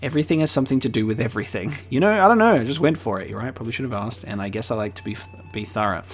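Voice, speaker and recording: A man's voice: mid-range voice, lively intonation, racing. A man, joking and reading game dialogue aloud in a let's play. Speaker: gaming streamer.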